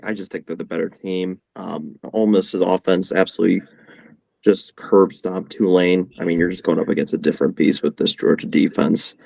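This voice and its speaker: Halting deep-voiced young man on a call. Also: creaky, a little mellow, no room sound, poor audio. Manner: hesitant, many ums, repeats himself. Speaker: regular panelist. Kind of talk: casual sports betting picks. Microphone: home setup over video call.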